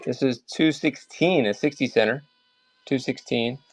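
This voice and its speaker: A man with a Maryland accent hosting a casual live sale of comics, chatting and calling out bids. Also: mid-range voice. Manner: chatty, rambling, calls bids fast. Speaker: livestream seller. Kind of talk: casual live auction chat.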